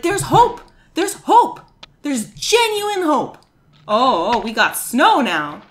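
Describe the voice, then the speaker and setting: A young woman streamer giving excitable, exclamation-filled commentary while she plays a video game. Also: high-pitched, slight background noise. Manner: excitable, with frequent shrieks and exclamations. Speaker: gaming streamer. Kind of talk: reactive gameplay commentary.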